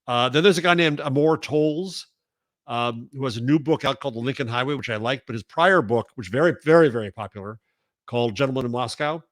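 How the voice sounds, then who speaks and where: A man who is a journalism professor, talking as a guest over a video call in a halting way, with many restarts. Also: mid-range voice, no echo, studio quality. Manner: halting, full of restarts and fillers. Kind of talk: casual conversation.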